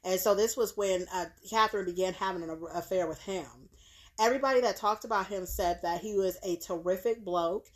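A woman of ordinary pitch retells a crime case for a podcast. She talks loosely, with restarts and fillers, and keeps affirming her co-host with easy yeahs. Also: brisk. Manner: relaxed storytelling with frequent fillers and agreeing yeahs. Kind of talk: casual podcast chat.

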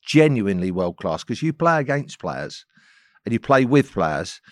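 A man, a podcast guest telling anecdotes in a chatty, chuckling way that sinks into low asides. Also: big pitch swings, normal speed, dry recording, clean studio sound. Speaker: podcast guest, former footballer. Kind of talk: casual storytelling chat.

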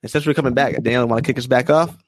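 A man's voice: medium pitch, racing, dry recording. A man hosting a casual interview chat, laid-back and slangy, chuckling along with his guest. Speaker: podcast host.

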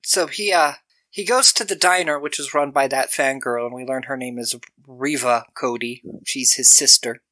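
A man's voice: mid-range voice, steady tone, normal speed, bright, forceful tone, no room sound. A man co-hosting a podcast, casually recapping a film scene by scene, laughing often and acting out lines from the movie. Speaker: podcast co-host.

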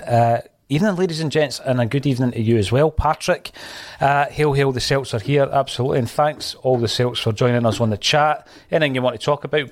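A man's voice: medium pitch, dry recording, studio quality. Chatty Scottish man hosting a podcast. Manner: reads out viewer comments, chatty and jokey. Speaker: podcast host. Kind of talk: casual live-stream chat.

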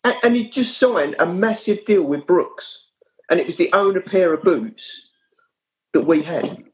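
A man, a former kit man, telling anecdotes as a guest in casual chat, with lively storytelling. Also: sits high, a little slow, low-quality recording. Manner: animated, lively storyteller with frequent restarts.

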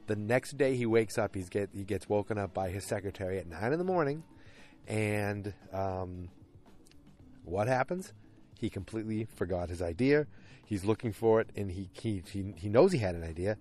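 Low-voiced man rambling through a recap. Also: moderate pace. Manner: rambling, animated retelling with many fillers and restarts. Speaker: podcast host recapping a TV episode. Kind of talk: casual solo podcast recap. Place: at home, alone at night.

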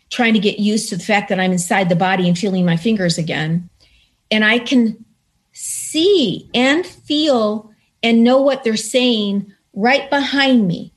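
A woman guest recounting a personal story in conversation, earnest and animated, acting out the voices of people in it. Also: mid-range voice, a little slow. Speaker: interview guest.

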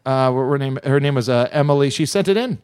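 A man hosting a radio show in casual chat, rambling and halting, laughing often. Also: medium pitch, darkish tone, clean tone.

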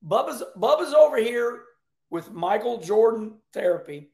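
A folksy man in his sixties talks racing on his own show, laughing and repeating himself as he goes. His voice is high for a man and gravelly, and it rings in an echoey room. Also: big pitch swings, unhurried, darkish tone. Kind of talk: casual commentary.

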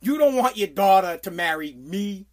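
Brief: forties New guy, radio regular, blunt profane rant, swings loud. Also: high voice, expressive, normal speed. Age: 40s. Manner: profane, blunt, loud bursts when riled. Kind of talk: casual rant.

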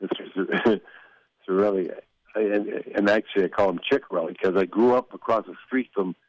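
A man's voice: low-pitched, a little fast, dry recording. Older man spinning rambling stories. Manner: rambling, with frequent restarts and chuckles. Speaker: former hockey executive telling stories. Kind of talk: casual storytelling interview. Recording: dull lo-fi dry sound.

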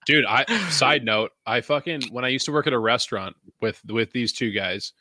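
A man's voice: medium pitch, moderate pace, sharp tone, dry recording. A Canadian man co-hosting a casual chat, laid-back, swearing and calling people dude.

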